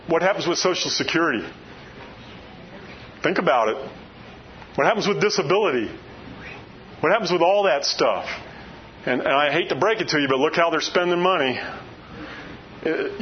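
Folksy older man preaching, fairly high voice. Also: lively intonation, moderate pace, long pauses, dull audio, slight background noise. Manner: folksy, full of rhetorical questions. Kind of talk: sermon.

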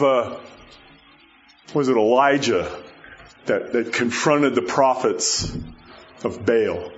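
Guy preaching a sermon, chatty and animated, lots of "you know", kinda muffled audio. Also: mid-range voice. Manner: conversational, animated storytelling with many fillers. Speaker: pastor. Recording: dull lo-fi sound.

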